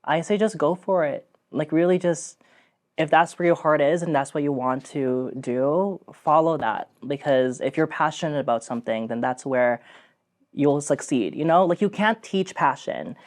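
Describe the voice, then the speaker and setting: A young man, an actor, telling his own story in a casual, animated way, acting out what people said, with many fillers. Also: a little high, moderate pace. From Philippines. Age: young adult.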